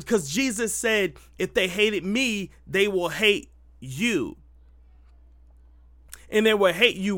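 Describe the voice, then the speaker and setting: High-voiced man preaching in a dry room. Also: sharp tone, no echo. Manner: emphatic, rhetorical questions, restarts. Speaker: Christian commentator. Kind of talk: preachy commentary.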